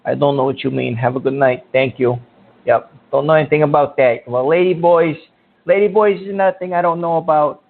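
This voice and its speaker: Brash guy running a call-in show, high raspy voice, sounds like over a phone line. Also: steady tone, brisk, a little hiss or hum. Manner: brash, insulting, easily riled. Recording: tinny phone-quality audio.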